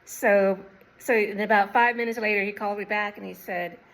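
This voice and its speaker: A woman in her sixties speaks to camera in a relaxed, unhurried way, her voice gravelly with a touch of fry. She pauses often to remember details. Her pitch sits in a middle range. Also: low-quality recording. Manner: unhurried, reflective, pausing to recall details. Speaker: vlogger. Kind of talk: casual personal storytelling.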